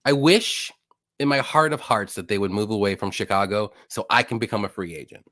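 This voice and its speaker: Animated man co-hosting, dry sound. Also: lowish voice, fairly quick, no room sound. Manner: animated, jokey banter. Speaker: co-host. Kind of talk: live betting show chat.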